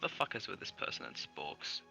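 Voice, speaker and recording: A man's voice: deep voice, huge pitch swings, moderate pace, gravelly, music in the background. A man streaming a game, reading its lines aloud in playful, theatrical put-on accents between casual chat. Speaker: streamer voicing a dating-game character.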